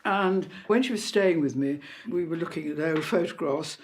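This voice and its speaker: An elderly woman, reminiscing in an interview with chatty anecdotes and soft hesitations. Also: sits low, moderate pace, a little hiss or hum. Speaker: interviewee recalling royal life.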